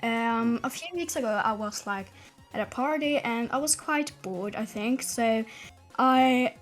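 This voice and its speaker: A woman's voice: fairly high pitch, a little slow, soft background music. A young woman calling in, talking hesitantly with many fillers. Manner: hesitant, lots of fillers and laughs. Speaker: caller. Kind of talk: casual chat.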